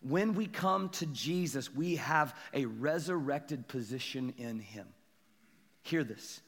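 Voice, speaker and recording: A man preaching a sermon as pastor, animated, moving between loud emphatic peaks and quiet low asides. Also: takes it slowly, long reverb tail.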